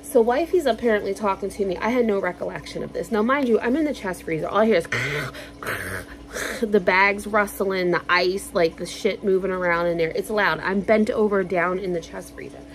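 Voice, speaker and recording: A woman vlogger telling stories in a casual, animated way, swearing freely and acting out quotes loudly. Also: mid-range voice, a little fast. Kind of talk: casual storytelling.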